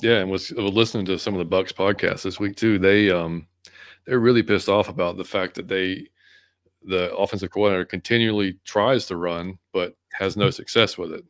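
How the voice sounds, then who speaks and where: A man's voice: low-pitched, steady tone, normal speed, dry recording. A man talking casually about his team, rambling with restarts in a laid-back way. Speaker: co-host guest. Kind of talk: casual sports chat.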